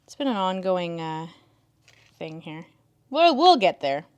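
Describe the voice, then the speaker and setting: Chatty woman with a lively voice. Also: on the low side, a little slow. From Canada. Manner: chatty, talks to her cats in a soft coaxing voice. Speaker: crafting livestream host. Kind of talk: casual livestream chat.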